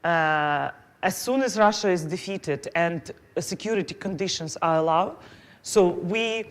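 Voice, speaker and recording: Ukrainian-accented woman on a panel, lowish voice, earnest and a bit searching for words. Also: a little slow. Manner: earnest, non-native phrasing. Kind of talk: conference panel answer.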